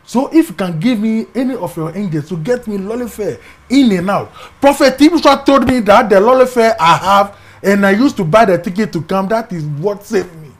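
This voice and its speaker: Speaking at a moderate pace with hardly any pauses, a middle-aged interview guest with a Ghanaian English accent recounts his own story in a voice that sits high. He's animated, performing the voices of people in it and frequently falling to a hush.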